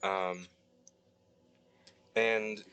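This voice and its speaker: A man's voice: fairly low pitch, level tone, extremely slow, background noise. A man narrating a tabletop game as game master, hesitant and full of ums and restarts.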